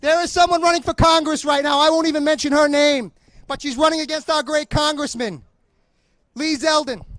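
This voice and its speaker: A middle-aged man gives a fiery, angry speech as a police union official, shouting to a crowd at an outdoor rally. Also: very high-pitched, steady tone, fairly quick, no room sound, low-quality recording. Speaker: police union vice president.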